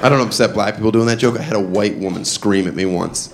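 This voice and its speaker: A man performing a stand-up comedy set on stage, laughing at his own jokes and breaking into loud put-on voices. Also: lowish voice, fast talker, hardly any pauses. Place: comedy club stage before a crowd. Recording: live club recording with crowd noise. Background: audience laughter.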